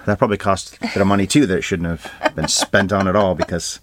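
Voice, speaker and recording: Male podcast co-host, low register, rapid and dry, stat-heavy film talk. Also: no echo. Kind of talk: casual film review chat.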